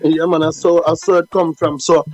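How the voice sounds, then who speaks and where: Jamaican man, high voice, animated storyteller, soft music behind. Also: fairly quick, poor audio. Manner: animated, acts out quoted voices. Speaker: guest, reggae deejay. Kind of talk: storytelling interview.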